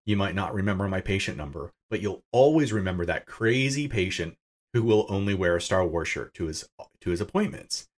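Low-voiced man telling a story, lively. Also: fairly quick. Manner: animated and self-amused, voice jumping up for quoted lines. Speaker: podcast guest. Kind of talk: conversational storytelling.

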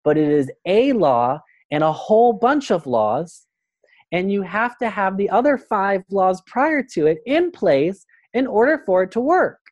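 A man's voice: high voice, measured pace, no room sound, lo-fi sound. A man, a guest on a spiritual podcast, speaking earnestly and acting out little voices as he makes his points. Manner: earnest, animated, acts out voices in quotes. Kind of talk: spiritual conversation.

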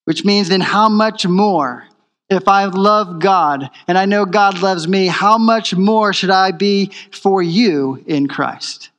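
High-voiced man preaching a sermon. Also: takes it slowly, a bit bright, big-room sound. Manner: emphatic, repeats key phrases. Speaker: pastor.

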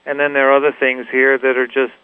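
Male musician guest, thoughtful and halting, mid pitch, thin phone-band radio audio. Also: little pitch movement, smooth. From Los Angeles. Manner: halting, many restarts and "you know". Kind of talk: reflective interview talk. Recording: tinny phone-like radio recording.

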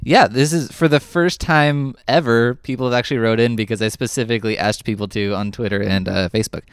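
A man's voice: mid-range voice, a little fast, smooth, no room sound, studio quality. A man co-hosting a podcast in casual chat, rambling and enthusiastic, a little self-deprecating. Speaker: podcast co-host.

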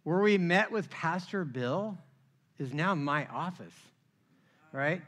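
A middle-aged man preaches from the pulpit with a high, bright voice. He tells his own story with animated energy, acting out the voices of others and checking in with "right?" as he goes. His tone is forceful and vivid throughout. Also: takes it slowly. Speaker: pastor. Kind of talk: sermon with personal testimony.

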